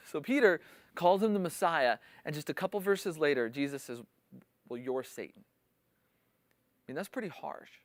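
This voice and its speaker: A man's voice: fairly high pitch, lively intonation, unhurried, long pauses, no room sound. A man preaching a sermon in a conversational teaching style, explaining scripture and acting out the quotes with rising intensity. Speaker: pastor.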